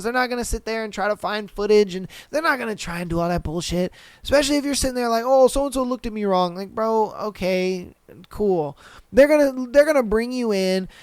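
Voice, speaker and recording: A man's voice: high voice, clear, resonant tone, no echo. A young man hosting a podcast, ranting bluntly with lots of swearing and putting on voices to mock people. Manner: blunt, profane, animated. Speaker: podcast host. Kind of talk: casual ranting commentary.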